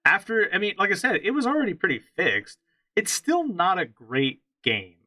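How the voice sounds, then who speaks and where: Bright-voiced opinionated podcast man. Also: sits high, huge pitch swings, normal speed, dry recording, poor audio. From central Pennsylvania. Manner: opinionated, rambling with restarts. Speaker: podcast co-host. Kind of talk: casual chat about games.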